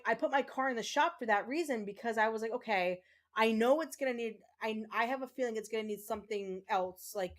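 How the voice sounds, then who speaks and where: A woman's voice: a little high, fairly bright tone. Chatty woman streamer, rambling. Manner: chatty, rambling with many fillers and restarts; emotional, tearful thanks to viewers. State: tearing up. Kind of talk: casual livestream chat while gaming.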